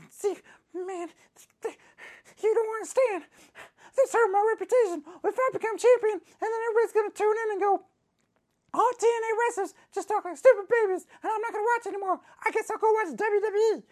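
A very high-pitched, slightly mellow woman's voice portrays a furious, bragging male wrestler in a comedic interview sketch, ranting with repetition and slow, weighty stress on her words.

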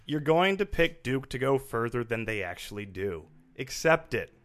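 A man's voice: mid-range voice, animated, normal speed, a bit bright. A man co-hosting a casual comedy podcast, reading out mock rules with wry jokes. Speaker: podcast co-host.

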